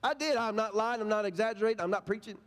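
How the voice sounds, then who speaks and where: A man's voice: sits high, fast talker. A middle-aged male pastor preaching a sermon, telling stories in an emphatic, folksy way. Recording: long reverb of a large hall.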